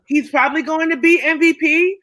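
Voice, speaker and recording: A woman's voice: high-pitched, a little fast, sharp tone. A woman co-hosting a sports podcast, arguing her picks assertively and holding the floor in casual debate. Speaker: podcast co-host.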